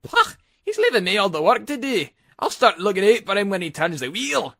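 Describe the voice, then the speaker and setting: Man doing a high, jeering engine for a storybook, scornful and bright. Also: huge pitch swings, normal speed, no echo, clean studio sound. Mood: mocking. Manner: teasing, scoffing. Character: mocking scornful male steam engine.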